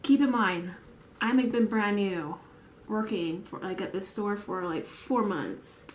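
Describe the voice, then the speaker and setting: A bakery store worker and vlogger chats in a get-ready-with-me style while applying makeup, her work stories rambling and riddled with fillers and restarts. She speaks unhurriedly at a medium pitch, in a reverberant space.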